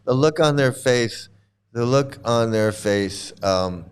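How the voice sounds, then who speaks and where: A man's voice: mid-range voice, slow pace, clear, resonant tone. A man giving casual reaction commentary on clips, rambling and repeating himself, laughing often.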